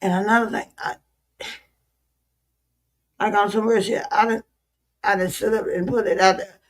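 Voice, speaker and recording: A woman's voice: medium pitch, steady tone, normal speed. A weary woman streamer venting to her viewers in a frustrated, repetitive, profane rant. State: weary, worn out. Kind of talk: emotional livestream rant.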